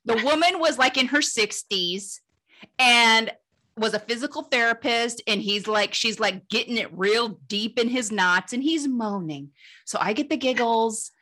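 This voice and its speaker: A woman humor writer telling funny personal stories as an interview guest, lively and laughing, her voice jumping up when she reaches the punchlines. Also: fairly high pitch, measured pace. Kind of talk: animated storytelling in an interview.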